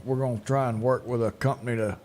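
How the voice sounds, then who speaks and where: A man's voice: medium pitch, steady tone, quick pace, a little mellow, slight background noise. A man co-hosting a local news talk show, telling drawling stories and laughing often. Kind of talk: casual news chat.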